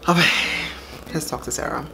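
A young adult woman vlogger making a prank phone call and talking to her viewers in a brash, excitable way, swearing freely. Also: fairly quick, music in the background.

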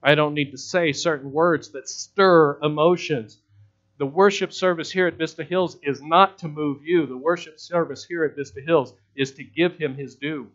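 Pastor preaching with rising emphasis. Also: male voice, fairly high pitch, steady tone, dull audio. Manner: emphatic preaching, builds from quiet to loud and slow; repeats words for emphasis. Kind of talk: sermon. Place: church sanctuary.

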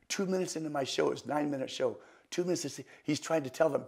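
An older man, a guest magician, telling animated stories in an interview. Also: medium pitch, fast talker, vocal fry, hardly any pauses, husky. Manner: animated anecdotes, acting out other people's voices. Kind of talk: storytelling interview.

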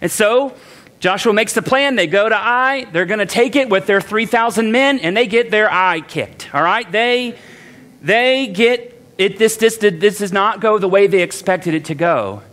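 A man's voice: sits high, measured pace, fairly bright tone. A man preaching a sermon as a pastor, conversational and self-deprecating, acting out the voices of the people in the text.

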